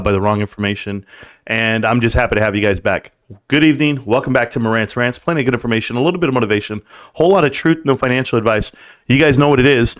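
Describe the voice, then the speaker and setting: A man hosting a live stream from his computer, hyped and boastful, talking straight to his chat viewers. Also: on the low side. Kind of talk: casual live stream commentary.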